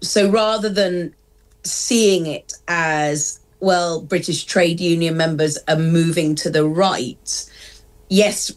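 A woman's voice: lowish voice, fairly even intonation, slow. A woman co-presenting a radio news discussion, thinking aloud in questions. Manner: thoughtful, questioning.

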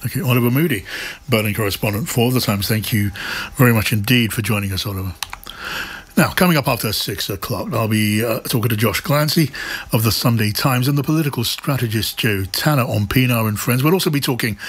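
A husky-voiced man presenting a live radio news programme. He puts measured, probing questions to a correspondent, sometimes doubling back to rephrase. His pitch sits in the ordinary middle range for a man.

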